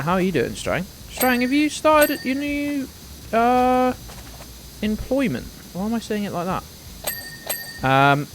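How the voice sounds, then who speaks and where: A British man in his twenties, with a voice on the high side, chats casually on a live game stream, rambling, swearing now and then and greeting viewers by name. Slight background noise can be heard.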